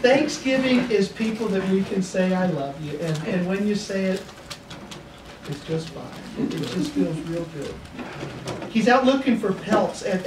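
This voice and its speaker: Folksy middle-aged pastor, heard from afar. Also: male voice, high-pitched. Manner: folksy, chuckling storyteller. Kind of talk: storytelling seminar talk. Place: seminar room. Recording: echoey room from a distance, noisy.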